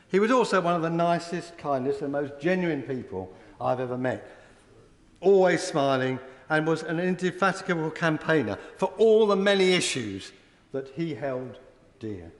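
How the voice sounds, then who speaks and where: An older man, a member of parliament, giving a tribute speech with warm, anecdotal storytelling and chuckles in a parliamentary chamber. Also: medium pitch. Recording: echoey hall with long reverb.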